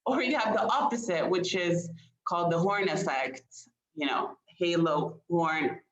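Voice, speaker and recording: A woman's voice: fairly low pitch, unhurried. A woman communication expert giving a webinar presentation, engaging her audience with questions and light laughter. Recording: roomy, dull lo-fi sound.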